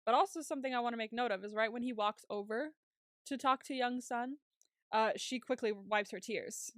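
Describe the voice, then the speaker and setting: A woman's voice: on the high side, brisk, dry recording, clean studio sound. Chatty woman recapping a show. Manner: animated retelling with quoted lines. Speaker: podcast co-host. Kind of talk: casual recap chat.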